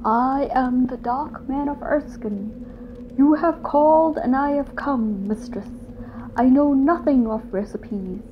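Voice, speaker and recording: A woman reading an audiobook, voicing a haggard, raspy ghostly man with formal, old-fashioned speech. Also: high-pitched, slow, voice pushed up. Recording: dull lo-fi with loud noise.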